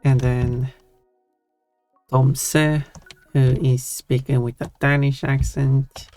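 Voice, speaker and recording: Slow, rambling streamer with a Swedish accent. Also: medium pitch, level tone, darkish tone. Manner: rambling, thinking aloud, answering chat. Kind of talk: casual live-stream chat. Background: faint background music.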